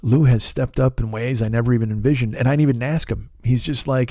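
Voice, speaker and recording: A man's voice: medium pitch, fairly even intonation, fast, hardly any pauses, dark tone, no room sound, studio quality. Man rambling through a profane story. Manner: profane, rambling, self-deprecating. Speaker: podcast host. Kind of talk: casual storytelling monologue.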